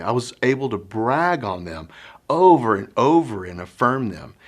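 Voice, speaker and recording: Animated man, lively storyteller. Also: fairly low pitch. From Oklahoma, US. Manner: animated storyteller, acts out children and teacher; folksy sayings. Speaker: children's minister. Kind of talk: conference workshop talk.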